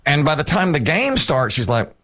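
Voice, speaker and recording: A man hosting a radio show, telling stories in casual chat and acting out the people he quotes. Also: moderate pace. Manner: animated storyteller, acts out quotes with big pitch jumps.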